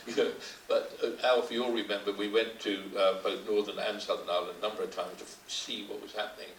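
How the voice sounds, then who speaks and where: A man's voice: fairly low pitch, fairly even intonation, fast talker, hardly any pauses, fairly bright tone. An older man moderating a panel, telling anecdotes with chuckles and hesitant restarts. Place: conference hall. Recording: roomy hall, distant mic, faint hiss.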